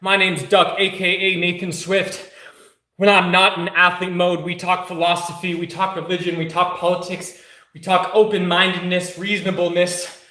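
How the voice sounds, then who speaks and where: A man's voice: high-pitched, little pitch movement, normal speed, bright, forceful tone, echoey room. A man streaming a casual live workout, mixing hyped, joking, profane chatter with soothing exercise cues. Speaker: fitness streamer.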